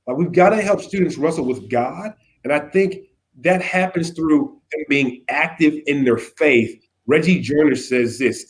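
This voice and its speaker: A youth pastor appears as a guest in a casual conversation, speaking unhurriedly in a fairly high voice. He is animated, acts out little quotes and often asks "right?".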